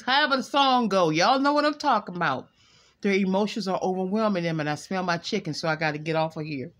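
A woman's voice: mid-range voice, animated, moderate pace. A woman giving a candid, chatty tarot reading at home, often stopping to talk to her pet and laughing. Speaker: tarot card reader. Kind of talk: casual tarot reading livestream.

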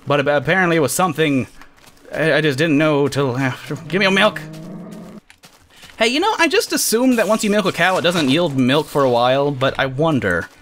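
A man hosting a casual let's-play, talking excitably and jokingly, often yelping at what happens on screen. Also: on the high side, brisk, slight background noise. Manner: excitable, yelps and shouts at the game, jokey. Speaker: gamer host.

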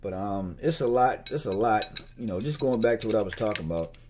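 A man's voice: on the low side, expressive, fairly quick, noisy background. A man talking in a loose, slangy, meandering way while he chats casually to camera. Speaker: gun owner vlogger. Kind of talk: casual rambling chat.

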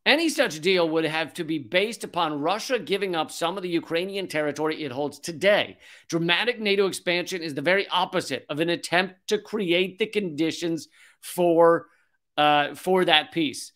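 Hosting a political commentary show, this man in his forties speaks at a moderate pace in a slightly high, fairly bright voice. Between passages of the article he's reading, he launches into profane, sarcastic tirades.

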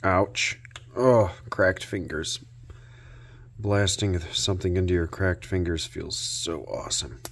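A man hosting a repair video, narrating his work out loud with dry little jokes to himself. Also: low voice, fairly even intonation, slow pace, gravelly, slight background noise. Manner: self-talk with dry jokes. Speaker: host.

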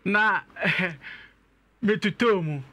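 A young man, an interview guest, telling his own story and growing animated as he recounts events. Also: high-pitched, drawn-out words. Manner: animated when retelling events, laughs.

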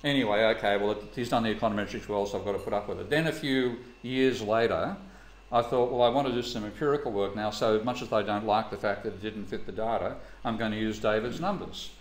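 A man's voice: on the low side, fast. A man giving an economics lecture, telling anecdotes bluntly and swearing casually. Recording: echoey room, faint ambient noise.

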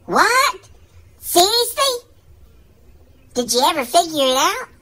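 A woman voicing an excitable male buddy in a comedy sketch, who keeps gasping in disbelief at every twist. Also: extremely high pitch, slow pace, pitched above the performer's own voice, heavily acted. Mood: excited.

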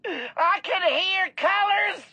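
A frantic squeaky man caller. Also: slow pace, no echo, exaggerated voice. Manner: frantic, wailing, shouting. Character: panicking high-voiced man caller.

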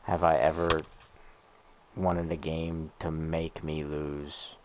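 A man's voice: very deep voice, flat delivery, slow pace, background noise. A young man narrating his own video game in a stream of exasperated, profane complaints. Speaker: gamer posting gameplay. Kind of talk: live gameplay commentary.

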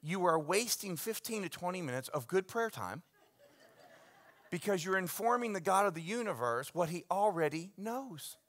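A man preaching as a pastor, telling stories with big swings from hushed asides to loud bursts. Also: sits high, animated, moderate pace. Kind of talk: sermon. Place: church sanctuary.

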